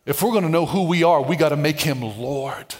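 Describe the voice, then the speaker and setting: Pastor, male, high-pitched; dynamic sermon delivery, joking and then shouting for emphasis. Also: a little fast. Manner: dynamic, swings from soft asides to shouted emphasis; playful, with humorous asides and call-outs to the congregation.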